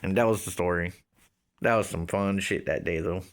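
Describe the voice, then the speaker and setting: A man's voice: sits low, normal speed. A man in his thirties casually telling a story, rambling with lots of fillers and swearing. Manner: rambling, profane, filler-heavy. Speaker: vlogger.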